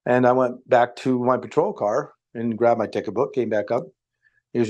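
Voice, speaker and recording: A man's voice: medium pitch, moderate pace, darkish tone, dull audio. An older man, a former police officer from Nevada, telling a long story in a rambling, hesitant way with many fillers. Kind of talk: casual storytelling on a live stream.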